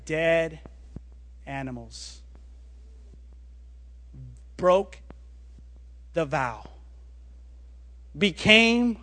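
A pastor delivers a sermon, telling a story in an animated way that rises and then drops quietly and low on key words.

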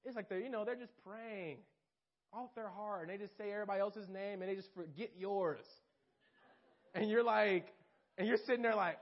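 A young man preaching an informal sermon, animated and talking straight to his listeners. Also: high voice, normal speed. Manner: animated, talks straight to listeners, acts out quotes. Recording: dull lo-fi recording.

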